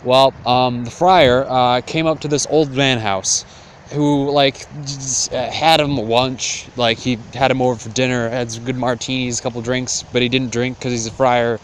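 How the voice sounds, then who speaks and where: A man's voice: medium pitch, steady tone, moderate pace, a little hiss or hum. A young man retelling a classic tale in casual, profane slang, rambling with lots of fillers.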